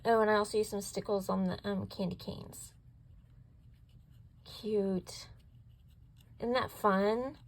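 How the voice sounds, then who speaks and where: A woman's voice: medium pitch, darkish tone, rough recording. A woman hosting a craft video, walking through her projects step by step and gushing over how cute each one turned out. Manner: gushing, keeps asking if it's cute. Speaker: craft channel host. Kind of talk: craft project show-and-tell.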